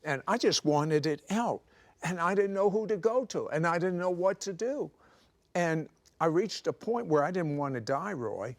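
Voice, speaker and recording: A man telling his life story in a studio interview, animated and teasing, with jokes slipped between serious moments. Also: fairly high pitch, gravelly. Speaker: guest telling his testimony. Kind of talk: conversational testimony. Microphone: clip-on microphone.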